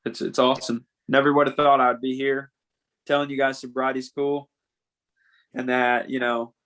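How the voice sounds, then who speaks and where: Earnest young man with a flat voice. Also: mid-range voice, low-quality recording. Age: young adult. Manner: earnest, halting, repeats words, says "man" often. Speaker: podcast guest. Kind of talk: candid conversation.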